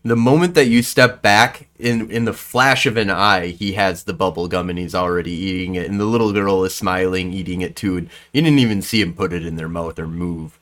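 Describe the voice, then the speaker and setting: A man's voice: deep voice, brisk, hardly any pauses, a bit bright. Laid-back man running a tabletop game. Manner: casual, loose narration. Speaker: game master.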